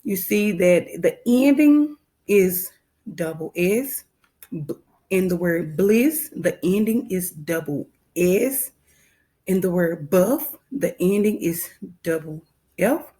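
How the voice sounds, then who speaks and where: Slow, patient woman teaching phonics. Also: on the low side, lively intonation, dark tone. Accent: Southern American. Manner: patient, repeats instructions slowly. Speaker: first grade teacher. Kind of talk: recorded phonics lesson.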